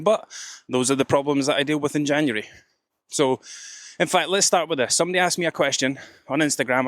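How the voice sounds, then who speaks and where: A man talks straight into a close podcast mic in a dry, small room. His pitch sits in the middle range for a man. He speaks bluntly, swears freely and strings his points together in long, repetitive lists. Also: fairly bright tone, dry recording. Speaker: nutrition coach and podcast host. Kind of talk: solo podcast monologue.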